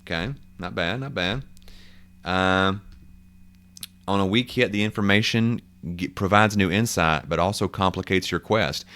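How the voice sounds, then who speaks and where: A man's voice: low-pitched, measured pace, a bit bright. A man narrating a solo tabletop role-playing game, thinking aloud and correcting himself as he goes.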